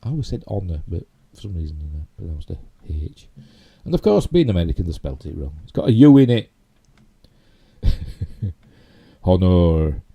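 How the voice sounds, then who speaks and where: A man's voice: low-pitched, sing-song, normal speed, creaky, dark tone, husky. A middle-aged man with a Yorkshire accent, hosting a casual live stream and rambling chattily with self-mocking asides. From Yorkshire, England. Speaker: YouTube host.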